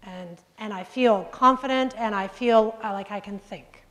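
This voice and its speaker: A woman's voice: medium pitch, unhurried. A young adult woman coaching speakers through breathing and counting drills in an upbeat instructional lesson.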